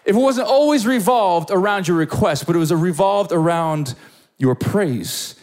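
A man's voice: high-pitched, expressive, unhurried, darkish tone. A young man preaching a sermon to young adults, telling a story with lots of energy and stammered repeats.

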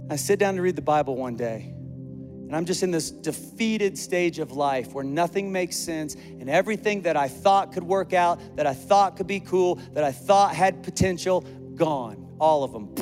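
A man's voice: on the high side, lively intonation, moderate pace. A male pastor preaching a sermon in a chatty storytelling way, acting out the dialogue he quotes. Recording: long hall reverb with faint music.

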